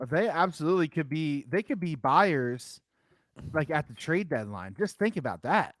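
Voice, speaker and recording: Dry, rambling higher-voiced sports podcaster. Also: male voice, lively intonation, moderate pace, fairly bright tone, no echo. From Philadelphia area. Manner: rambling, profane, many fillers and restarts. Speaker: podcast co-host. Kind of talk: casual sports chat.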